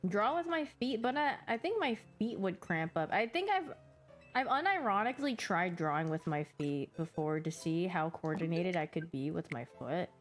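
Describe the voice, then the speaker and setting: A woman's voice: fairly low pitch, very animated, normal speed, faint music behind. Giggly chatty woman streamer. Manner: chatty and giggly, acting out her pet's reactions. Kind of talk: casual chat.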